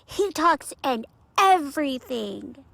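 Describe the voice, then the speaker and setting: A woman acting out an excited little boy for an audiobook. The voice sits very high and swoops up and down with a slow, drawn-out, childlike sing-song. Eager and wide-eyed throughout. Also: gravelly, full character voice. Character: small excited young boy.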